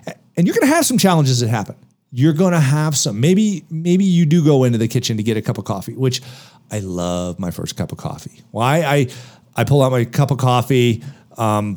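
A man's voice: mid-range voice, a little mellow. A man speaking on a podcast about a book of motivational advice, emphatic and full of rhetorical questions. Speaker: podcast guest author.

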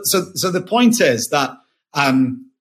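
A man's voice: a little high, very animated, slow. A man, a company founder, talking casually and enthusiastically as a podcast guest, often restarting and repeating words. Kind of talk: casual interview talk.

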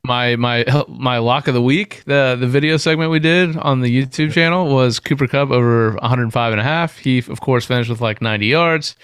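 Smooth-voiced, dry-witted podcast co-host. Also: male voice, mid-range voice, fairly quick, hardly any pauses, a bit bright, no echo. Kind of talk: casual sports betting chat.

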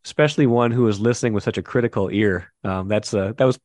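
A man's voice: on the low side, fast, darkish tone, dry recording, clean studio sound. A man hosting a casual sports podcast, chatty and teasing, often restarting his sentences. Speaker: podcast host.

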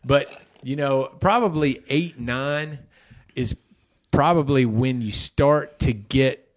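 A man co-hosting a casual podcast chat, reminiscing in a hesitant, halting way. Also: mid-range voice. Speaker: podcast co-host.

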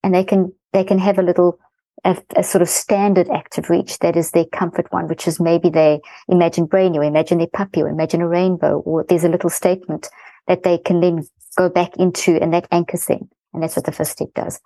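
A middle-aged woman, a guest expert in an interview, explaining a parenting method in fast-flowing, animated talk. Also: on the low side, dry recording, rough recording.

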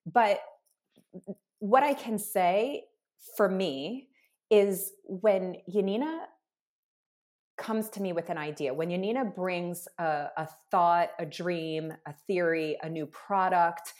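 A woman's voice: on the low side, slow pace, a little mellow. A woman guest in an interview, a business co-founder speaking earnestly and emphatically, building her points in long lists. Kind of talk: heartfelt conversational interview.

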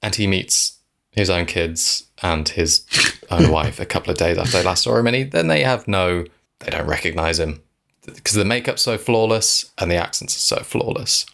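A man co-hosting a casual film-review podcast, talking in animated, exasperated rants and swearing freely. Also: low voice, normal speed, vocal fry. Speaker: podcast co-host.

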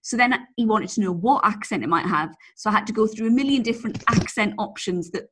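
A chatty woman co-host tells a meandering story on a podcast, saying "like" a lot and cursing without hesitation. She speaks quickly at a medium pitch, with some background noise in the recording.

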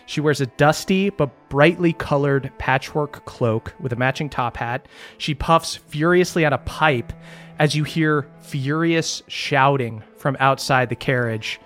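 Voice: medium pitch, unhurried, soft background music. A game master narrating a tabletop game casually, with fillers and the odd swear.

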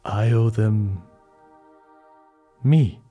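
A man's voice: lowish voice, very slow, mellow, breathy edge, faint music behind, heavily acted. A man voicing a weary older father bound to devils, speaking in a somber, resigned way.

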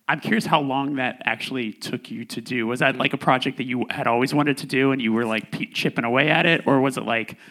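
A man hosting a live podcast interview, asking casual, halting questions full of fillers. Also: mid-range voice, pushed and bright. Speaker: podcast host.

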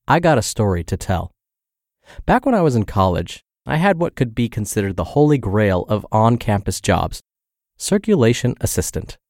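A man's voice: lowish voice, sing-song, moderate pace, a little mellow, no room sound. A man narrating a health podcast, reading a fitness blog post aloud with dry humor.

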